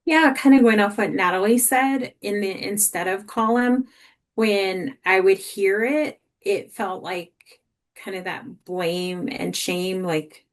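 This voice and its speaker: A woman's voice: medium pitch, steady tone, takes it slowly. A woman shares her thoughts in a group discussion. She talks in a casual, chatty way, with plenty of "like" and "you know". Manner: chatty, lots of "like" fillers. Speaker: workshop participant.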